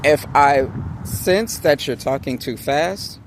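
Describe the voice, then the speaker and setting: Slow, deliberate man talking outdoors. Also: fairly high pitch, background noise. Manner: slow, deliberate, halting speech with many restarts. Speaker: vlogger. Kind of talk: casual motivational talk to camera.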